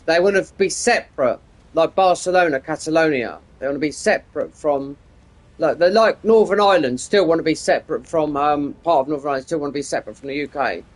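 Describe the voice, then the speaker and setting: A man's voice: a little high, a little fast. A man, chatting casually and meandering while streaming a game. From United Kingdom. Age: 50s. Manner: meandering, digressive, frequent restarts. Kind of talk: casual rambling chat while gaming.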